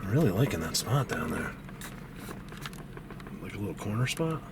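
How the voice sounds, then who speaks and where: Male outdoor vlogger, excitable and chatty, hand-held camera mic, clear wind and outdoor noise. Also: normal speed. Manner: excitable, talks to animals in a high baby voice, drops to hushed tones. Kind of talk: casual walking vlog. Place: outdoors on a trail.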